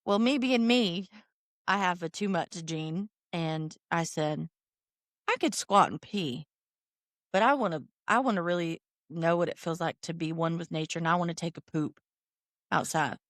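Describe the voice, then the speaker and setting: Telling a story as a podcast co-host, this woman is casual and animated and laughs often. Her voice sits on the low side at a moderate pace, with clean, studio-quality sound and no echo.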